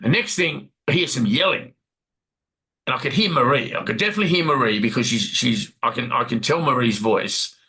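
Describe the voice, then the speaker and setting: A middle-aged man acting as a talkative Australian warehouse supervisor, giving his account in a role-played interview. He has a gravelly, bright-edged voice and rambles, circling back over the same points and repeating himself. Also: mid-range voice, poor audio. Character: chatty male warehouse supervisor, rambling witness. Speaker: workplace witness being interviewed.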